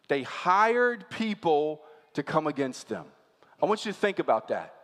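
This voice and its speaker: A man's voice: high voice, a bit bright, in a large hall. A man preaching a sermon as pastor, talking conversationally and asking the congregation rhetorical questions.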